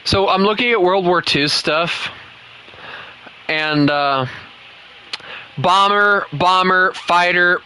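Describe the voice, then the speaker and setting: A man's voice: high-pitched, slow, long pauses, sharp tone, smooth. A young man with a Southern US accent giving casual, jokey commentary while playing a game, saying "bro" a lot. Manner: laid-back, jokey, says bro a lot. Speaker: gaming streamer.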